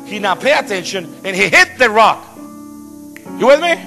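Bright-voiced, animated man preaching. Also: sits high, moderate pace. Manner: storytelling, animated, playful asides. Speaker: pastor. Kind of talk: sermon. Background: piano music.

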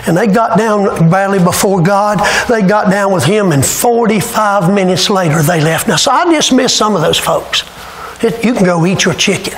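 A man preaches a revival sermon in a high, ringing voice. He tells his stories with fervor and rises to loud, urgent peaks. The church room is echoey, with faint ambience behind him. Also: moderate pace, slight background noise. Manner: fervent storytelling preacher, rising to shouts. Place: church sanctuary.

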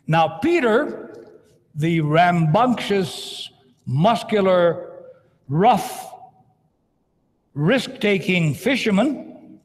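In a large cathedral with long reverb, a priest with a high, animated voice delivers a dramatic sermon very slowly, pausing often. He retells scripture by acting out the quotes.

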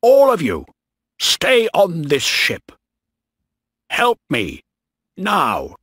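A man voicing an angry male ship captain who shouts orders in a storybook reading. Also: mid-range voice, wildly swooping pitch, slow pace, no room sound, studio quality, full character voice. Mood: shouting. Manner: shouting, indignant. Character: furious older male ship captain, bossy.

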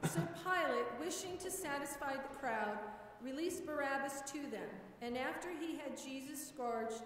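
A woman lector reading scripture at Mass in a measured, steady proclaiming manner. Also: high-pitched, slight background noise. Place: large church. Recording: echoey church from far off.

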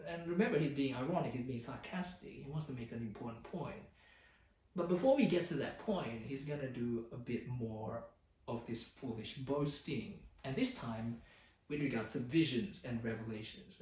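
A male pastor preaching a sermon, explaining scripture with lively emphasis and playful asides. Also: mid-range voice. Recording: roomy hall, voice a bit far from mic.

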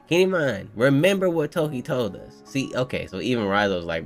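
A young man hosting a casual manga reaction, excitable, slangy and profane as he riffs to his viewers. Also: medium pitch, moderate pace, faint music behind. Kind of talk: casual live reaction commentary.

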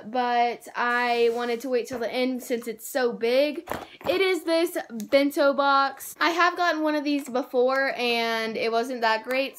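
A woman's voice: high-pitched, fairly bright tone, slight background noise. A young woman, gushing over toys in a casual vlog and saying "like" and "oh my gosh" a lot. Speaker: vlogger. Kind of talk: excited haul vlog.

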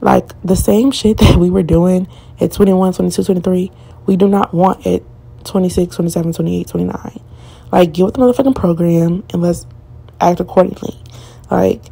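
A woman's voice: lowish voice, creaky, mellow, slightly rough. A woman in her twenties giving a casual, opinionated recap of a reality show, talking candidly and in slang straight to her viewers.

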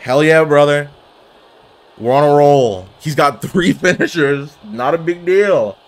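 A man commentating his own online wrestling game, jokey and excitable, full of trash talk, swearing and wrestling slang. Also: a little high, a little slow. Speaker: gaming video creator.

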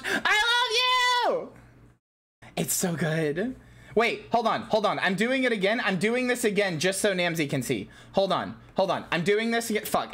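A woman streamer chatting with her viewers, excitable and giggly, swearing a lot and bursting into shouts. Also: mid-range voice. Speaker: VTuber streamer. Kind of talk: casual live-stream chat with viewers.

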